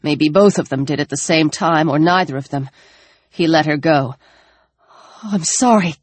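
A woman narrating an audiobook in a steady, measured storytelling manner. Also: low-pitched, no echo. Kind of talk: scripted narration.

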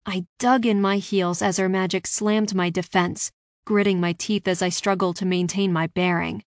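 A woman reading a first-person fantasy story aloud with steady, expressive narration. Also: mid-range voice, normal speed, no echo, studio quality.

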